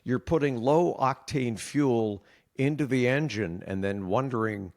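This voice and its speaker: A middle-aged meteorologist in a conversational interview, explaining earnestly and sounding worried. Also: male voice, medium pitch, measured pace, darkish tone. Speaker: meteorologist guest.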